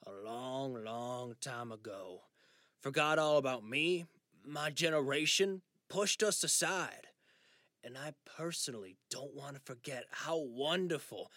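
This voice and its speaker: A male narrator voicing an ailing father facing memory loss, who speaks in a steady, gently insistent way in an audiobook reading. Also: mid-range voice, no room sound, studio quality.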